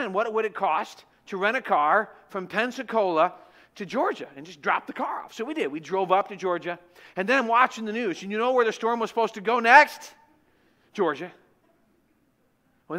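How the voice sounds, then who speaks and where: Bright high-voiced joking preacher man. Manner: animated, joking, conversational. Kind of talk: sermon with humorous personal storytelling. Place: church.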